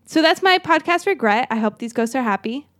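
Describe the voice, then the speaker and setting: A woman's voice: sits high, lively intonation, fairly quick, fairly bright tone, no echo, clean studio sound. A woman hosting a podcast, chatting playfully with co-hosts, laughing often and reading messages aloud theatrically. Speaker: podcast host.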